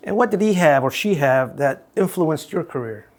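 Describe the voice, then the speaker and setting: A middle-aged man hosting an interview, folksy and animated in a colloquial way. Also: fairly high pitch, a little slow. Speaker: interview host. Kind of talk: interview conversation.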